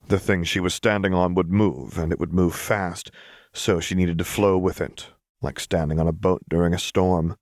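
A man reading a fan-fiction story aloud as narrator, with steady storytelling. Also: sits low, moderate pace, no echo, clean studio sound. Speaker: audiobook narrator. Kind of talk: scripted narration.

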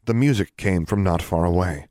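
A man narrating a story in a steady, even reading voice. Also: low voice, normal speed, no echo. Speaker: audiobook narrator. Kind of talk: scripted narration.

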